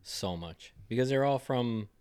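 A man's voice: medium pitch, expressive, a little slow, darkish tone, smooth, no room sound. A man from Wisconsin with a Wisconsin accent, co-hosting a podcast in a joking, casual chat. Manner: joking, playful banter. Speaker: podcast co-host, athletic trainer.

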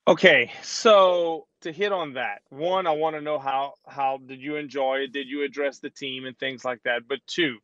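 A man's voice: mid-range voice, fairly even intonation, normal speed, few pauses, fairly bright tone. A middle-aged man with a Cajun accent talks in an upbeat, teasing way and sometimes stumbles over his words. His voice comes through a dry, dull-sounding remote line with no room echo. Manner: upbeat, teasing, stammers on restarts. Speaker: podcast co-host. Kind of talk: casual chat.

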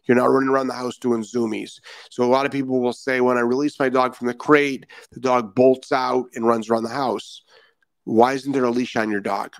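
Blunt man with a gravelly voice. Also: mid-range voice, level tone, fairly quick, no room sound. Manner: blunt, emphatic, repeats key points. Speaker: dog trainer and show host. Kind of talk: live-stream talk. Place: Florida.

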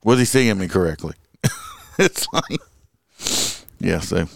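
Low-voiced police officer telling stories. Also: male voice, sing-song, slow, creaky, slight background noise. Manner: laughs often while telling stories. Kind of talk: casual storytelling.

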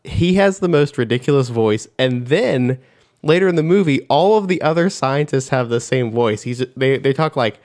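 A man with a mid-range voice that swings widely in pitch as he talks. He is a guest on a relaxed movie review podcast, animated and casually crude. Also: normal speed.

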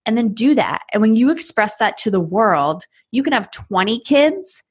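A woman's voice: fairly high pitch, normal speed, breathy edge. A woman in her thirties, a parenting coach, talking in a podcast conversation and acting out little scenes in different voices. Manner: animated, acts out scenes with voices.

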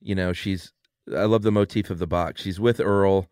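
Man, deep voice, clear and smooth, dry close mic, halting casual chat. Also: fairly even intonation, darkish tone, dry recording. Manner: easygoing, halting, backchannels often. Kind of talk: casual film discussion.

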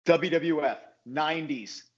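A man's voice: fairly high pitch, unhurried, highs cut off. An American man as a guest in a casual interview, joking and self-deprecating. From USA. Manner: jokey, self-deprecating, animated.

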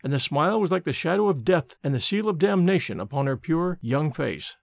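Casting: male storybook narrator, gravelly tone, lively pitch, dry close sound. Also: no echo. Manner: expressive, measured storytelling. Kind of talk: scripted narration of a gothic story.

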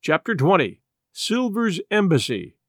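A man narrating an adventure novel in expressive scripted storytelling. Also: sits high, a little slow, no echo, clean studio sound. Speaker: audiobook narrator.

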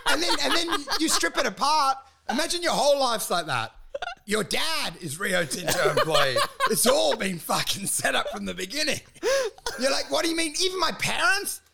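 A man's voice: extremely high pitch, very animated, moderate pace, gravelly, pushed and bright, a little hiss or hum. A man riffing in casual comedic chat, acting out mock dialogue between laughs.

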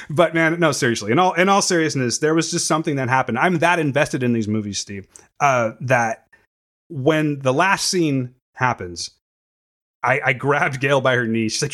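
A man's voice: medium pitch, moderate pace, fairly bright tone. A man co-hosting a casual movie review podcast, emotional and choked up, swearing freely. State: tearful. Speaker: podcast co-host.

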